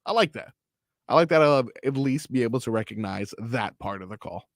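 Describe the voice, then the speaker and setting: A man's voice: medium pitch, lively intonation, fairly quick, dry recording. A man co-hosting sports radio, joking playfully and laughing easily in casual studio banter.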